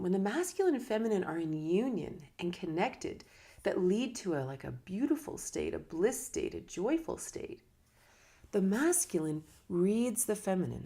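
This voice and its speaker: A woman who teaches yoga and meditation talks casually and reflectively about teaching in a fairly low, dark voice with vocal fry. Her voice swoops up and down as she talks with her hands, and she laughs now and then.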